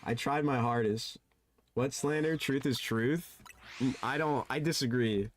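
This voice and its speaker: A man streaming a game, chatting casually and sounding animated and flustered, his voice jumping high and dropping low. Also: a little slow, soft background music. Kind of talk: casual live-stream chat.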